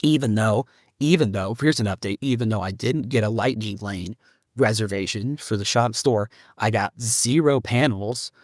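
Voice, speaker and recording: A man hosting a solo podcast, talking haltingly and rambling as he grieves a close friend. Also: fairly low pitch, dry recording. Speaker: podcast host.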